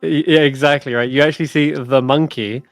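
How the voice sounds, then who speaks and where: Dungeon master, man, lively storyteller, slightly high voice, dry close mic. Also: a little fast, dry recording, faint music behind. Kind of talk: narrating a tabletop game.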